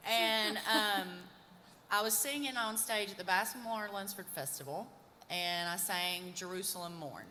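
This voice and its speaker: A woman's voice: medium pitch, sharp tone, slight background noise. A young woman, a folk singer, chatting and laughing between songs on a live stage. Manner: chatty, laughing, quick asides. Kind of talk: casual on-stage storytelling. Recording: live stage in a reverberant hall.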